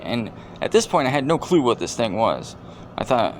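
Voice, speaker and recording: A man hosting a video and commenting casually over clips in a deadpan, rambling, joking way. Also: medium pitch, a little fast, few pauses, slight background noise. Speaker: video host.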